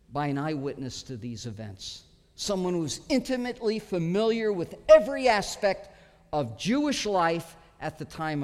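A pastor giving an expository sermon, earnest and emphatic, pausing often as he teaches. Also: fairly high pitch, a little mellow. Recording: long hall reverb.

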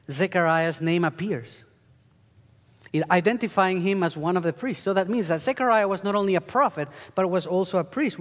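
A man preaching a sermon, teaching earnestly and rising into emphatic bursts. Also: sits high. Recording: long hall reverb.

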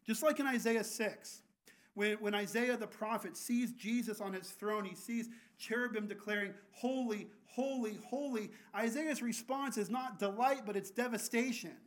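A man's voice: high voice, normal speed. A man preaching a sermon as a pastor, earnest and often restarting his words.

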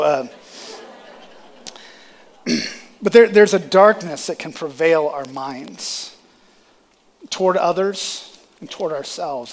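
A man preaching a sermon, calling out to his congregation with rising emphasis. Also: a little high. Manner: preaching with rising emphasis and audience call-and-response.

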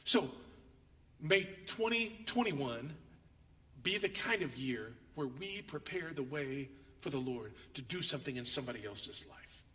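A man preaching a sermon as pastor, reading scripture dramatically and telling stories with animated, acted-out quotes. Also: mid-range voice, a little slow, long reverb tail, far from the mic.

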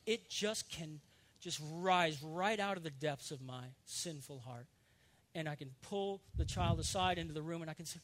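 A man with a fairly high voice delivers a sermon to his congregation. He speaks earnestly and confessionally, repeating words as he gathers his thoughts, then presses into fervent, ringing emphasis. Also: expressive, normal speed. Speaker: pastor.

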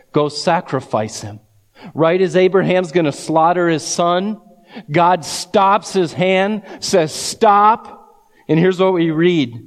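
A man preaching a sermon, reading scripture aloud and building to fervent emphasis. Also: on the high side. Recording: long hall reverb.

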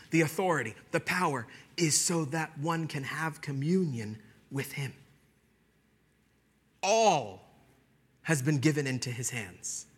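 A man preaching a sermon in a church, swinging between loud emphatic declarations and hushed, whispered lines. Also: on the high side, husky. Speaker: pastor.

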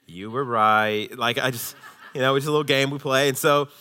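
A man in his thirties, a pastor preaching a sermon with emphatic declarations that drop into quiet intensity. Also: mid-range voice, normal speed.

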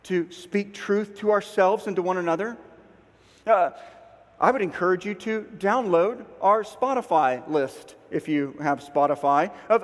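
A man preaching a sermon, acting out both sides of an inner dialogue with lively swings between loud and hushed delivery. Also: high-pitched, big-room sound. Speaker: pastor.

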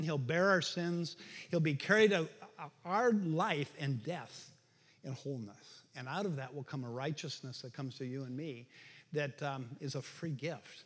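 A middle-aged male pastor giving a conversational sermon that rises to bursts of shouting for emphasis. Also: a little high. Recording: reverberant hall.

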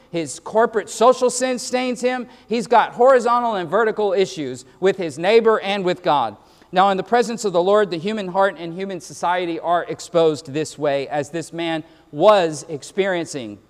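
A male pastor delivers a sermon in a high voice, driving home each point with repetition and voicing imagined replies. The sound carries the long reverb of a big church sanctuary. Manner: emphatic, repetitive preaching with quoted asides.

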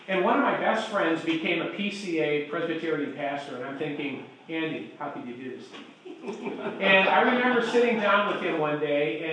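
A man's voice: a little high, fairly bright tone, a little hiss or hum. A man teaching a Bible class as pastor, chatty, checking in with the group for agreement as he goes. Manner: chatty, asks the room for agreement. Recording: echoey room.

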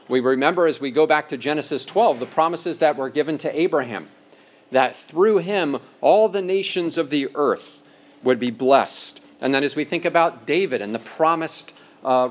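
Conversational man preaching a sermon. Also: medium pitch. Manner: conversational, slows down for emphasis. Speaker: pastor. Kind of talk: sermon teaching.

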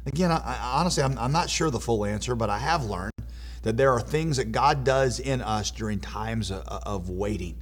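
Husky-voiced earnest preacher. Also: male voice, mid-range voice, lively intonation, normal speed. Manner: earnest, hesitant with repeated words. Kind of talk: sermon.

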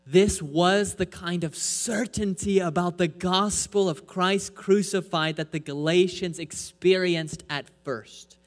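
A man preaching a sermon from the pulpit, pressing his point with rhetorical questions and swinging between loud and soft. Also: high-pitched, takes it slowly, hardly any pauses. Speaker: pastor. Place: church. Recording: echoey hall with mains hum.

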